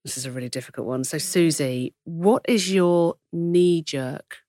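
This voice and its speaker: A woman's voice: low voice, a little slow, dark tone, dry recording, clean studio sound. A woman hosting a conversational podcast and asking probing follow-up questions. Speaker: podcast host.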